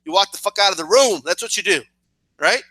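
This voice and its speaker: Lively high-voiced young man ranting. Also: brisk, no echo. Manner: animated, swearing, stammering repeats, acts out shouts. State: slight cough. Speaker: boxing channel vlogger. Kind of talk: comic rant to camera.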